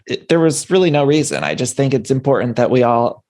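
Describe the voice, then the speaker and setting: A man's voice: mid-range voice, expressive, brisk, a little mellow. A man hosting a podcast interview, chatting casually and joking. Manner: playful, jokey asides. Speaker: podcast host.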